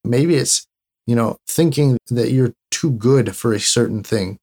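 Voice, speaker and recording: A man co-hosting a casual faith talk show. His mid-range voice carries a gravelly fry, and he talks in an easygoing, conversational way, restarting phrases as he goes. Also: mid-range voice, unhurried, darkish tone. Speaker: co-host.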